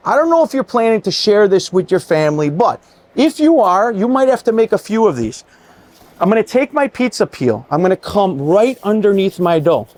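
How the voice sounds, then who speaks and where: Lively high-voiced male chef. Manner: enthusiastic, chatty, addresses viewers as guys. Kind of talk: cooking demonstration.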